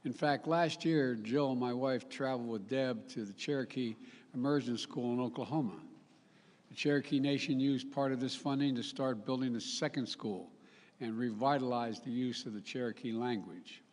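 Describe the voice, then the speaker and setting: A man's voice: mid-range voice, moderate pace, a little mellow. Older man giving a rambling speech. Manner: rambling, self-correcting, folksy asides. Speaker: head of state giving a speech. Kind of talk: formal public speech with ad-libs. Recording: live speech with long hall reverb.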